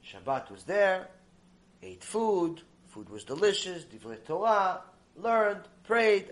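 Male religious teacher, emphatic storyteller, high and very expressive. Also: a little slow. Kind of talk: recorded Torah lecture with storytelling.

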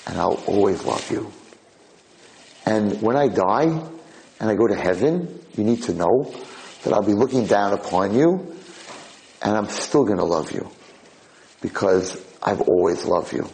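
A man voicing a gentle condemned woman in a soft, low whispered role-play. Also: animated, a little slow, gravelly, pauses often, a little hiss or hum, poor audio. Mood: tender.

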